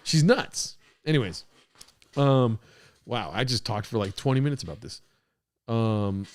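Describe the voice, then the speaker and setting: Man, podcast host, reacting to clips, excitable, profane, animated voice. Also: medium pitch, measured pace. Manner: excitable, profane, laughs often. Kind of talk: casual livestream reaction talk.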